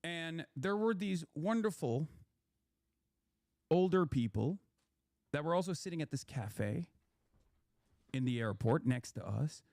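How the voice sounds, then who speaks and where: Young male commentator, slightly high voice, profane rambling rant, dry close sound. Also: lively intonation, a little slow, long pauses, darkish tone, no echo. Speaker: political commentator.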